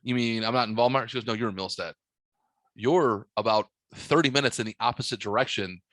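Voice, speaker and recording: A man's voice: mid-range voice, a little fast, a bit bright, no room sound. Profane man telling a rambling story. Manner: profane, rambling, acts out dialogue in his stories. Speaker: podcast host. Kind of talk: casual storytelling chat.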